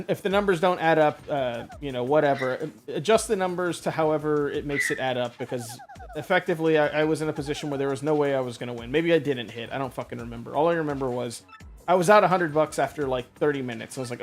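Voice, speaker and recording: A man's voice: fairly high pitch, quick pace, faint music behind. A man in his thirties chatting casually while playing a game, telling a story with lots of swearing. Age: 30s. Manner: swears freely, animated storytelling. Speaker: gaming channel host. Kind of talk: casual chat over a game playthrough.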